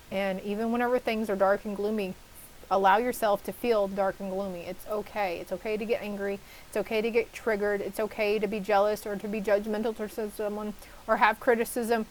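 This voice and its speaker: A woman's voice: mid-range voice, slight background noise, rough recording. A woman giving a casual tarot reading to her viewers, chatty and reassuring, with casual swearing and asides to herself. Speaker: tarot reader.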